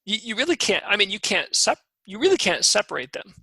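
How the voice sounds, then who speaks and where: A man with a high, strongly gravelly voice that has a bright, forceful edge. He co-hosts a casual faith discussion and talks earnestly and eagerly. He often breaks off and restarts his sentences, and the sound is dry and close. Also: big pitch swings, brisk, dry recording, low-quality recording. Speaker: podcast co-host.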